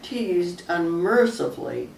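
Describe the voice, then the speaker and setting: An older woman from Texas, a mother, reminiscing in a chatty, unhurried way during a family interview. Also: fairly low pitch, sing-song, vocal fry, slight background noise. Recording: roomy, distant mic, music behind.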